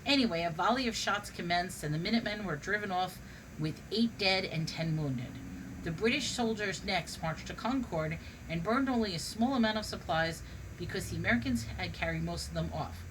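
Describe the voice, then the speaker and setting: A woman's voice: lowish voice, moderate pace, background noise. A woman reading a humorous history book aloud, now and then stumbling and restarting on a word. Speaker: reader.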